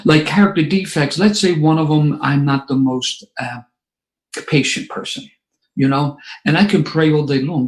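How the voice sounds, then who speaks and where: A man, telling a personal story to a recovery meeting with lively, sarcastic asides. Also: fairly high pitch, normal speed, rough recording. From Philadelphia area.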